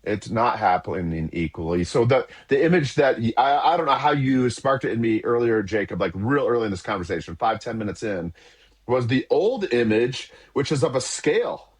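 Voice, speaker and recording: A man's voice: medium pitch, very animated, normal speed, slightly rough. A man hosting a podcast, thinking aloud and searching for his words. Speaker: podcast host. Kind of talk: casual conversation.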